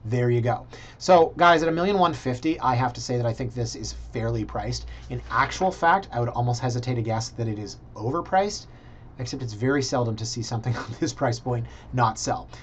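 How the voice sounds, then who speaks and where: Recorded on a computer mic, a man who works as a realtor goes briskly through property listings in a mid-range voice. His screen-share vlog commentary is relaxed, with thinking out loud and playful jokes.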